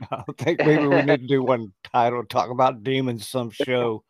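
A man's voice: mid-range voice, fairly even intonation, a little slow, dry recording. A man guesting on a casual podcast, easygoing and laughing along. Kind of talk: casual chat.

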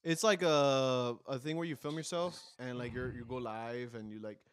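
A man's voice: mid-range voice, steady tone, normal speed, clear, resonant tone, no echo, clean studio sound. A young man co-hosting a podcast in laid-back casual chat who swears often and answers with many short agreeing replies. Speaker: podcast co-host.

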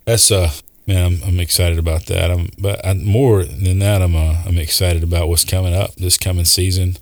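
A man's voice: low voice, steady tone, moderate pace, no echo. A man co-hosting a podcast in casual chat, often chiming in to agree. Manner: warmly agreeing, lots of affirmations. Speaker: podcast co-host.

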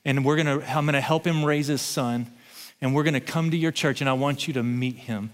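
A man's voice: medium pitch, fairly even intonation, brisk, big-room sound. A man preaching a sermon, telling a personal story in a conversational way and building to emphatic scripture reading. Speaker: pastor.

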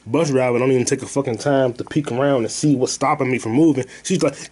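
A man's voice: medium pitch, fairly even intonation, fast talker, few pauses, darkish tone, breathy edge. A man hosting a podcast, rambling through stories and movie talk in a loose, profane, slangy way. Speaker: podcast host. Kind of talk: casual podcast chat.

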